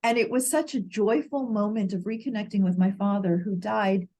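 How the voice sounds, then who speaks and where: A woman's voice: medium pitch, moderate pace, dark tone. A woman co-hosting a heartfelt conversation, telling a personal story earnestly and restarting her sentences often. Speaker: grief educator, co-host. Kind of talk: reflective conversation.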